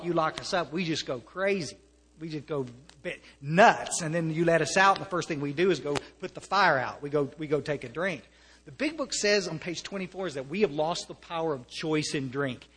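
An American man speaks earnestly to a recovery meeting, with a fairly high voice. He restarts his sentences often and slips in wry humor. His voice carries a long reverb from a meeting hall. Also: a bit bright, slightly rough. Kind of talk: personal testimony to an audience.

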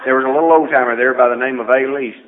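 A man tells his personal testimony at a recovery meeting in a folksy, humorous manner. His medium-pitched voice runs very fast with fairly even intonation, and the audio is tinny and phone-like with faint noise.

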